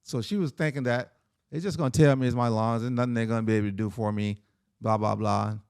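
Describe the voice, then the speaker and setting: A man, a podcast guest, telling a personal story in a relaxed, conversational way and tagging "man" and "right?" onto his lines. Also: mid-range voice, fast, vocal fry, smooth, no room sound, clean studio sound. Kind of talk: casual storytelling.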